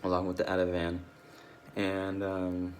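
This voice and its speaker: Deep-voiced guy, sleepy and yawning, rambling and swearing in his vlog, faint hiss behind. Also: monotone, measured pace. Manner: rambling, heavy swearing, loses his train of thought. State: tired and drowsy, yawning. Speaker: video diarist. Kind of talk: casual rambling personal log.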